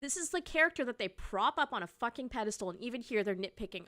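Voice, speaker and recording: A woman's voice: a little high, animated, fast talker, gravelly, few pauses, sharp tone, no echo, clean studio sound. A woman hosting a gaming commentary show, reacting to clips in an exasperated, profanity-laced rant. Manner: exasperated, sweary ranting.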